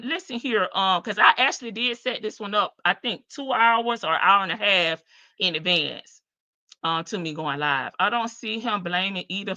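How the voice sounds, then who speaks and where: A Southern woman hosts a live stream in a relaxed, talkative way, drawling out her phrases as she answers viewers. Her voice is bright and clear, with a medium pitch for a woman. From American South. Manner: chatty, animated, drawn-out Southern phrasing. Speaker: livestream host. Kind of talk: casual live-stream chat reading comments.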